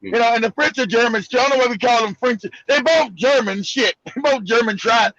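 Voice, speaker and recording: A man's voice: very high-pitched, brisk, a bit bright, dry recording, highs cut off. A man hosting a casual political talk show, brash and profane, laughing often. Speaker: show host.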